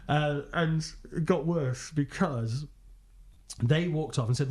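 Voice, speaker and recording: A man, a ghost hunter telling animated anecdotes in casual podcast chat, laughing often and acting out quotes. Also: mid-range voice, takes it slowly.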